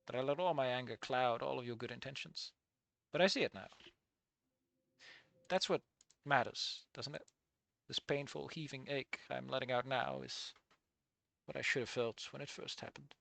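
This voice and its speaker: A man reading a first-person fan story aloud and breaking off to critique it, moving between hushed reading and loud, excitable remarks. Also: medium pitch, moderate pace, gravelly, long pauses, no echo. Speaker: fan fiction reader and critic.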